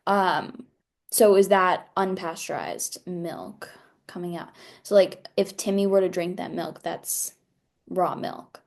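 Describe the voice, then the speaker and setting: A young woman co-hosting a casual podcast, asking deadpan follow-up questions and laughing easily. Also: lowish voice, slow, creaky. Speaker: podcast co-host. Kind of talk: casual comedic chat.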